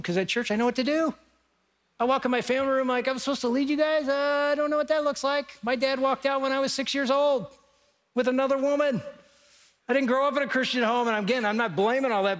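A middle-aged male pastor preaching a sermon, telling lively stories and speaking straight to his congregation in a large church auditorium. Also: sits high. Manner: animated storytelling, addressing the congregation directly. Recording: long reverb of a large hall.

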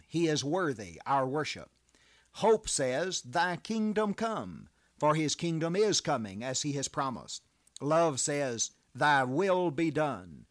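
A man delivering a scripted devotional sermon, measured and deliberate, teaching with rhetorical questions. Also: on the high side. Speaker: preacher.

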